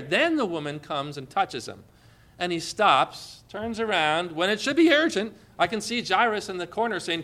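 Bright-toned man preaching a sermon. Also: sits high, lively intonation, normal speed. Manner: earnest preaching with rising emphasis and rhetorical questions. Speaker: pastor.

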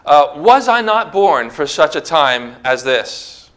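A male pastor delivering a sermon with a bright, forceful voice pitched a little above the usual. He preaches emphatically, building to near-shouts as he drives his points home. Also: big pitch swings, takes it slowly.

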